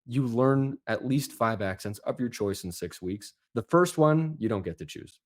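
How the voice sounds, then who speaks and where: A man who coaches accents, chatting as a podcast guest and telling lively, animated stories. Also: mid-range voice, moderate pace. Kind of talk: casual podcast chat.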